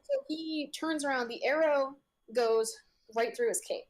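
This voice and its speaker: A woman narrating as game master of a tabletop game. She talks haltingly, with many fillers and frequent laughs. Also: high-pitched.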